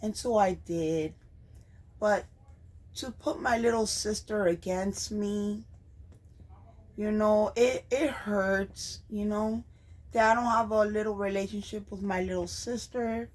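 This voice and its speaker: Woman vlogger, unhurried and halting delivery, gentle and sincere. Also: medium pitch, steady tone, rough recording. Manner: slow, hesitant, with frequent ums and restarts. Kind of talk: personal vlog talking to camera.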